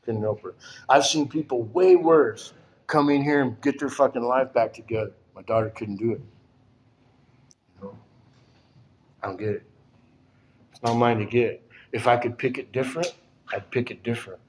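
An older man giving a plainspoken, emotional personal testimony at a recovery support meeting, often halting and repeating himself. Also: mid-range voice.

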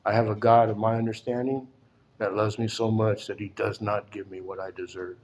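An older man giving a plainspoken, emotional personal testimony at a recovery support meeting, often halting and repeating himself. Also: fairly low pitch, little pitch movement, darkish tone.

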